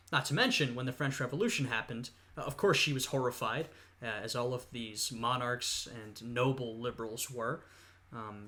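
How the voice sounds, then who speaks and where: A young man with a bright, forward voice talks through a history video in a relaxed reaction style. He thinks aloud, filling the gaps with "uh" and "you know" as he explains. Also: mid-range voice. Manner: thoughtful, lots of "uh" and "you know". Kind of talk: casual reaction commentary.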